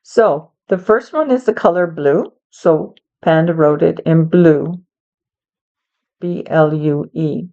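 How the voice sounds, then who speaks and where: A woman teaches English to learners, spelling out words and explaining them with patience and encouragement. She speaks very slowly and deliberately in a slightly low voice. The recording sounds a little dull and lo-fi. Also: mellow. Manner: patient, encouraging, talks to a child helper.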